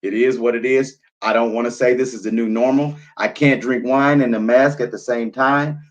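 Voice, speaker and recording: A man in his thirties hosts a live stream, chatting loosely over wine and reading viewer comments aloud. His mid-range voice keeps a fairly even intonation at normal speed, and he often repeats himself and trails off with fillers.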